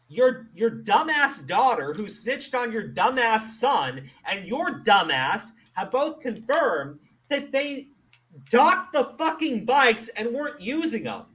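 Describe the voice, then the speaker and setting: A man's voice: sits high, sharp tone. A man hosting a commentary show, ranting with exasperation and plenty of profanity.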